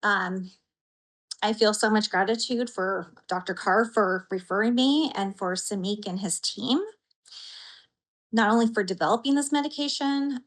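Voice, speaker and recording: A woman from Idaho, a patient giving an earnest, heartfelt personal account in an interview, pausing with soft fillers. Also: mid-range voice, rough recording. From Idaho, USA.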